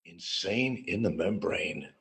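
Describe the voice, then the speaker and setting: A man's voice: low-pitched, animated, slow, fairly bright tone. A man streaming a rambling, sarcastic monologue, mocking and teasing his viewers.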